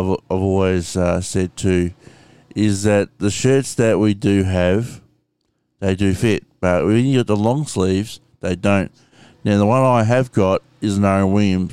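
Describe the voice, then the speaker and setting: A man with an Australian accent rambles through a casual home vlog at an unhurried pace, stopping often for ums and dropping in casual swearing. His somewhat low voice comes through very clear and crisp, with a dry, close sound. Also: darkish tone, dry recording. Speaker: vlogger. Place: room at home with window open.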